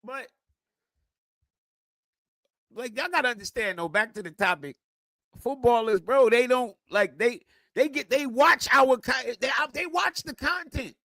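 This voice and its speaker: A man ranting profanely on a livestream, swinging between quiet muttering and loud outbursts. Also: extremely high pitch, animated, a little slow, pauses often, no echo. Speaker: streamer and football content creator. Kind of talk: casual livestream rant.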